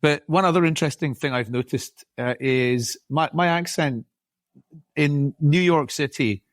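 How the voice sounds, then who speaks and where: A man's voice: fairly high pitch, unhurried, no echo, studio quality. A man with a Scottish accent, a tech co-founder speaking as a podcast guest in a friendly, easygoing way. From Scotland. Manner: friendly, easygoing, repeats words. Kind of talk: casual interview chat.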